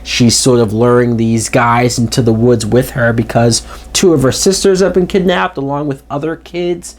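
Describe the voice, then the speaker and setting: A man hosting his own channel, giving a casual, exasperated spoken movie review with emphatic jumps in pitch and chatty fillers. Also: moderate pace. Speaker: film reviewer, channel host.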